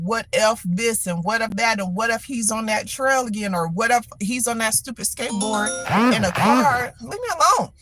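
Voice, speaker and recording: Exasperated middle-aged woman venting, higher voice. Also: no room sound. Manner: animated, exasperated storytelling with repetition. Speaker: livestream host. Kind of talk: casual venting monologue.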